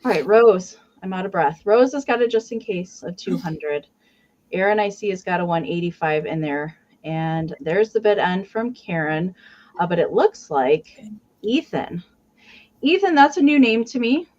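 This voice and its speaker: A woman's voice: on the low side, lively intonation, unhurried, a little mellow, highs cut off. Chatty woman hosting a live sale. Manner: chatty, counts down bids aloud. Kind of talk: live auction selling.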